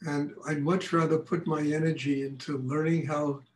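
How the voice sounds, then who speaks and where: A man's voice: a little high, normal speed, roomy sound, slight background noise, poor audio. An older man, a meditation teacher, speaking frankly and telling stories in a lecture and question session after a class. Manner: frank, animated storytelling.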